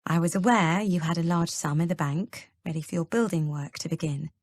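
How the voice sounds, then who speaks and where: Woman reader voicing an older mother-in-law, self-assured, deliberate, low-pitched, dry studio read. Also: no room sound, close to an everyday voice. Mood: composed. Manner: measured, deliberate explaining. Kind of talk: audiobook character reading.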